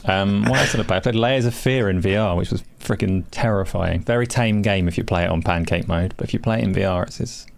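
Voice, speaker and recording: A middle-aged man co-hosting a casual gaming talk show, measured and wry. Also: low-pitched, creaky. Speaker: co-host.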